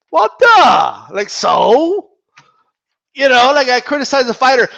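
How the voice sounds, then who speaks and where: A man giving casual commentary on a vlog, animated and profane, rambling and restarting his sentences. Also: very high-pitched, a little slow, gravelly. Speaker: boxing commentator.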